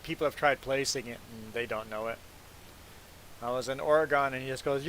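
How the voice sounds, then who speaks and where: A man's voice: mid-range voice, fairly quick, fairly bright tone, a little hiss or hum, poor audio. A man whose first language is not English, streaming a farming game and chatting casually and rambling to viewers. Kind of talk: casual chat while gaming.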